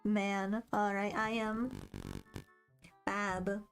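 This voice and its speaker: A woman's voice: medium pitch, flat delivery, very slow, clear, resonant tone. A young woman streaming, chatting casually and rambling as she reads quiz questions aloud with a bubbly, self-deprecating manner. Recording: faint background music.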